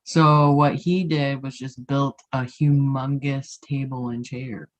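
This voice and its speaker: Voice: mid-range voice, level tone, slow. A co-host in casual podcast chat, chatty and full of fillers. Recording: dull lo-fi sound.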